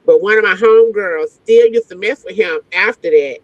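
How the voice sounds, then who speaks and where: A woman's voice: mid-range voice, animated, normal speed, hardly any pauses, dry recording. A woman entertainer tells a story with blunt, profane slang and plenty of drive. Her voice comes through a dull, lo-fi recording with a dry, close sound. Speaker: guest entertainer. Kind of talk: animated storytelling.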